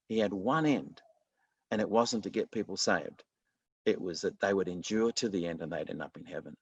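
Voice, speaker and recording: A lower-voiced man delivers a sermon in an earnest, conversational manner. He often stops and restarts his thoughts. The sound is dry and close, with little room around it. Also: normal speed, slightly rough, dry recording, lo-fi sound. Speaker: pastor.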